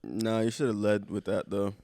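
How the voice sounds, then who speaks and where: A young man co-hosting a podcast, talking in a laid-back, profane way with halting restarts. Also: lowish voice, fairly even intonation, mellow, no echo, clean studio sound. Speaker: podcast co-host. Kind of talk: casual chat.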